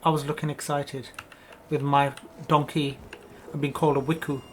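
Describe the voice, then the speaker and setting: A man's voice: fairly high pitch, flat delivery, normal speed, a little hiss or hum. A man hosting a let's play, riffing jokingly in casual gameplay commentary from a home gaming setup. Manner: joking, rambling riffs on a word.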